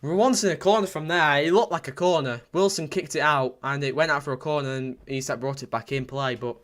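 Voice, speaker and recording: A young man streams his live football commentary in a fairly high, brisk voice. Excitable and prone to repeating himself, he reads messages from chat and bursts into shouting at the big moments.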